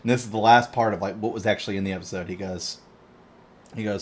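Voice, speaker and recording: A man's voice: lowish voice, fast, breathy edge. Foul-mouthed, laughing male podcast storyteller. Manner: animated storyteller, swears constantly, laughs often. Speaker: podcast co-host. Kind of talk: casual chat.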